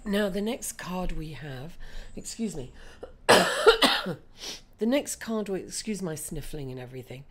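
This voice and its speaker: A woman with a raspy voice, hoarse from being ill, giving a chatty tarot reading and calling her listeners darling. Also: on the low side, lively intonation, takes it slowly, a bit bright. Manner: chatty, calls listeners darling and guys, many fillers. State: hoarse from illness. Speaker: tarot reader. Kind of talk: casual tarot reading monologue.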